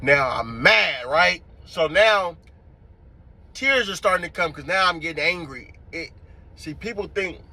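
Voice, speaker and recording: Guy telling a wild story, swearing a lot, acting it all out, bright sharp voice. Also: fairly high pitch, measured pace. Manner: profane, animated, acts out scenes. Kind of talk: casual storytelling to camera.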